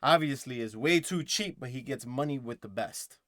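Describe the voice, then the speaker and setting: Male reaction host, casual rambling commentary, mid-pitched, dry close mic. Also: moderate pace, a bit bright, dry recording. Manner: rambling, thinking aloud with many fillers.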